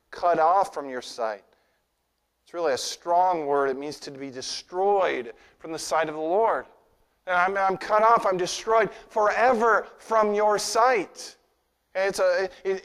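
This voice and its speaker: A man's voice: sits high, long reverb tail. A male preacher delivering a sermon, earnest and emphatic, often repeating words as he presses a point.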